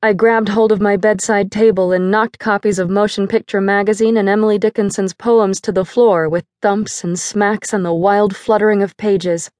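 A woman narrates a first-person novel in a measured, dramatic voice of middle pitch. She is close on a studio mic, and the sound is dry with no room echo. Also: flat delivery, a little mellow. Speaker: audiobook narrator.

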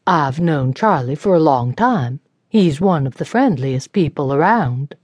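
A woman's voice: deep voice, animated, unhurried, a little mellow, slightly rough, dry recording, heavily acted. A woman voicing an earnest, hesitant young rancher man in an audiobook.

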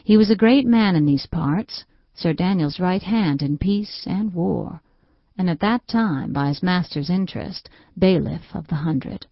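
A woman narrating a classic novel in a measured, even reading. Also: fairly low pitch, vocal fry, no echo. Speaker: audiobook narrator. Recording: dull, dry studio recording.

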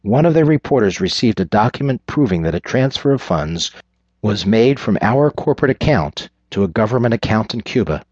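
A man's voice: lowish voice, animated, fairly quick, darkish tone, breathy edge, dry recording. A man voicing a furious wealthy father who blusters and swears at his daughter. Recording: dull lo-fi recording.

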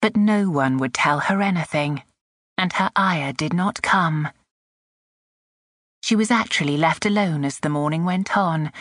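A woman reading a classic novel as an audiobook in a measured voice that drops to a hush at tense moments. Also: sits low, no room sound, clean studio sound. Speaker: audiobook narrator. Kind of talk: scripted audiobook narration. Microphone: close studio mic.

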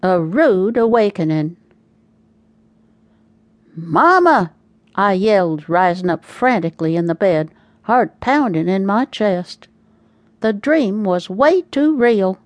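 A woman's voice: mid-range voice, animated, unhurried, a little mellow, dry recording. Woman reading a wry audiobook. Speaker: audiobook narrator. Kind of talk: first-person audiobook narration.

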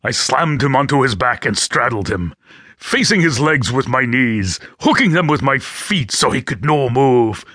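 Brief: male audiobook narrator, bright, forceful tone, dry studio sound, gritty first-person storytelling. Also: medium pitch, expressive, a little slow, no echo. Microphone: close studio mic.

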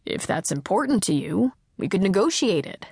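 A woman voicing a calm, smirking male devil who talks slowly in a low, hushed voice. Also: creaky, breathy edge, dry recording, heavily acted. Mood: sly.

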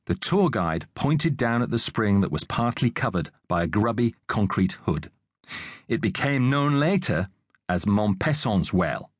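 Male narrator, audiobook, lively intonation, dry close sound, measured. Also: lowish voice, slightly rough, no echo. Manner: measured, expressive reading.

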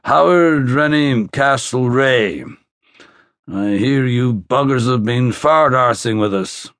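A man voicing a huge, blunt police detective from Belfast, with a Belfast accent, speaking gruffly and profanely in an audiobook. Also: medium pitch, takes it slowly, fairly bright tone, dry recording, clean studio sound. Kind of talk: audiobook character voice.

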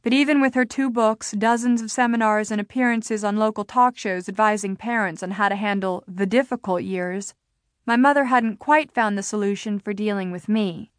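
A woman narrating a novel in the first person, with an even storytelling delivery. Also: mid-range voice, normal speed, no room sound, clean studio sound. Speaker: audiobook narrator.

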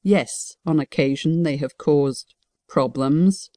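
Stern defensive king, woman narrator doing him, measured and reproachful, mellow voice, dry. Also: low-pitched, no room sound.

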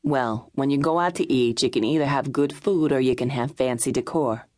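A man's voice: medium pitch, normal speed, a little mellow, lightly acted. A woman narrator voicing a brusque, blunt male private detective who speaks curtly. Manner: curt, abrupt, blunt.

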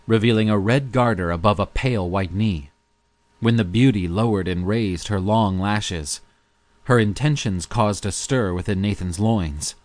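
Low-voiced male audiobook narrator. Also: no echo. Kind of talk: scripted narration.

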